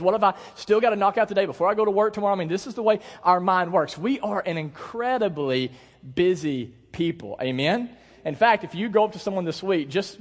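High-voiced young preacher in a reverberant hall. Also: male voice. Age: young adult. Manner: conversational, animated, asks the crowd. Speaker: pastor. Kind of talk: sermon with storytelling. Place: church hall.

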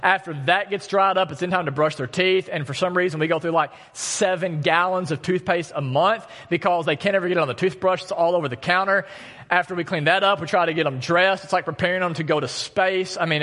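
A pastor in his thirties preaches in an easy, conversational way and tells stories against himself. His voice sits somewhat high for a man. Long reverb from the church hall trails behind each phrase. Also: fairly bright tone. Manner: conversational, storytelling with self-deprecating humor. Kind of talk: sermon. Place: church sanctuary.

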